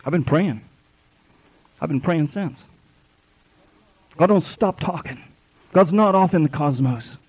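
A man's voice: a little high, lively intonation, takes it slowly, pauses often, darkish tone, breathy edge. A man preaching a sermon at a live church service, fervent and repetitive, with folksy grammar.

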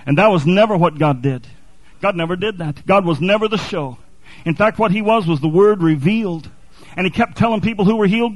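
Guy preaching hard, high voice, really dry close sound. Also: brisk, dry recording, poor audio. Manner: impassioned, building to fervent repetition. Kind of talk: sermon.

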